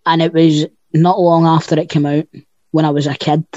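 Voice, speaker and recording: A man's voice: on the high side, little pitch movement, moderate pace, warm tone, dry recording. A man, chatting casually about films and cracking jokes. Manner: jokey, swears, storytelling. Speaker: podcast co-host. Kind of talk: casual chat. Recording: dull lo-fi dry sound.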